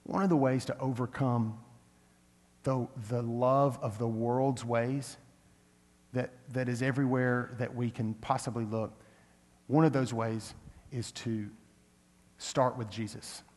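An earnest male pastor speaks at an ordinary middle pitch, mixing a casual storytelling tone with bursts of emphatic preaching. His voice rings out with the long reverb of a large church hall. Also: fairly even intonation, a little slow, pauses often, darkish tone. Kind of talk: sermon with personal story.

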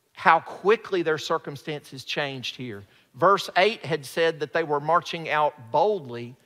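Bright-voiced man preaching in a hall. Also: fairly high pitch. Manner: earnest, questioning, drops to a hush at phrase ends. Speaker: pastor. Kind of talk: sermon.

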